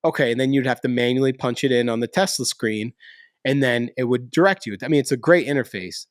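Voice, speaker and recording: Animated slangy man hosting a chat. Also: mid-range voice, fast talker, no room sound, clean studio sound. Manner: animated, slangy, lots of fillers. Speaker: podcast host. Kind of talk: casual chat.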